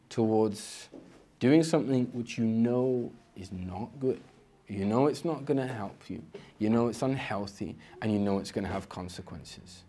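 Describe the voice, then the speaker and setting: A man giving an informal spiritual lecture. He talks conversationally and often repeats a word at the start of a phrase. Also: a little mellow. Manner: acts out inner voices with sudden pitch jumps. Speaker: Islamic teacher.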